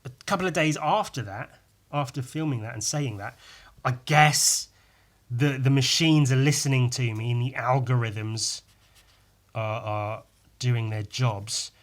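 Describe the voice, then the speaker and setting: A man's voice: mid-range voice, a little slow. A man hosting a casual solo podcast, rambling and self-mocking, with some swearing. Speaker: podcast host.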